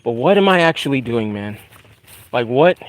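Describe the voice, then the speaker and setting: A man's voice: medium pitch, expressive, moderate pace. A young man, a YouTuber, talking casually about faith while walking a wooded trail outdoors, laid-back and full of slang. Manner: laid-back, slangy, says dude and bro a lot.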